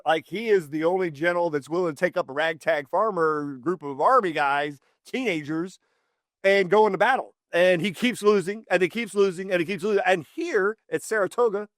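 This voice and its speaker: Male history host, casual storyteller, a touch high, dry close sound. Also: brisk, dry recording. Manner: lively storyteller, repeats words for emphasis.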